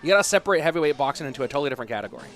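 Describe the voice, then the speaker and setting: A man's voice: on the high side, very animated, racing, fairly bright tone, faint music behind. A man in his thirties casting esports, chatting casually and thinking aloud as he answers viewer questions. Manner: loose and conversational, thinking aloud. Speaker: esports caster. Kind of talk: casual stream chat reading viewer questions.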